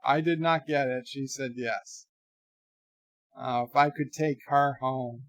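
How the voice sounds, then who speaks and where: The recording is muffled but echo-free as an American man rambles and jokes through a casual bedroom livestream, tossing in animated asides while reading viewer comments. His voice is mid-range and slow.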